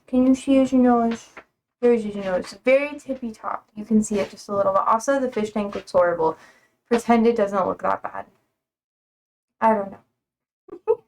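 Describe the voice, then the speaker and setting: A woman's voice: fairly high pitch, vocal fry, a little mellow. A young woman hosting a livestream from home, chatting casually and playfully with her viewers in a sassy, teasing way. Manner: playful and self-described sassy, frequent laughs. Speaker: livestream host. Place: home, indoors.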